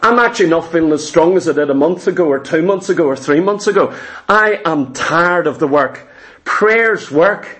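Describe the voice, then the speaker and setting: A man's voice: fairly high pitch, lively intonation, normal speed, a bit bright. A man preaching a sermon, emphatic and repetitive, acting out voices of his congregation. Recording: echoey church hall.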